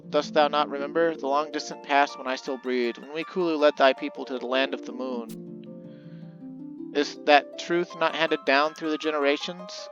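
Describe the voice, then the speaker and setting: A man's voice: on the high side, highs cut off, natural voice. A man voicing a solemn ancient male spirit who speaks in archaic, formal words, with faint game music behind.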